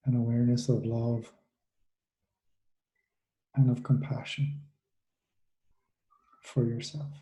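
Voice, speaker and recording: Guiding students through relaxation, this mindfulness coach offers gentle, slow instructions separated by long silences in an echoey room. His medium-pitched voice is very dark and mellow, barely moving up or down.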